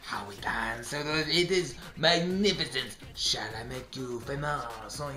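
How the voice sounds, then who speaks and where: A man's voice: medium pitch, pushed and bright, reverberant. Virion, a man putting on a vain French noble. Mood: grandiose. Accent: put-on French. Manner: grandiose, drawn-out, chuckling. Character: pompous flamboyant nobleman archer, vain and theatrical.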